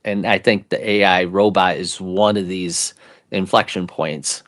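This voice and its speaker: A man's voice: low-pitched, fairly even intonation, a little slow, a bit bright. A man co-hosting an investing show, chatting casually and rambling through his theories. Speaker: co-host. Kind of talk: casual chat.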